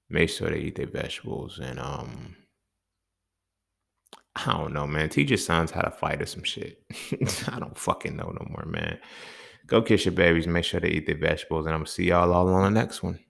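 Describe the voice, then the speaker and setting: A man with a very low, gravelly voice and plenty of vocal fry. He hosts his own podcast and rants in a heated, profane, exasperated way. He sounds like a young adult talking off the cuff. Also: normal speed, long pauses, fairly bright tone. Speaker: podcast host. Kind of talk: casual solo podcast monologue.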